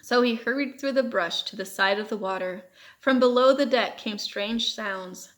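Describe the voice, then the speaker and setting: A woman reading a children's novel aloud as audiobook narration, steady and measured. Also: a little high. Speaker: audiobook reader.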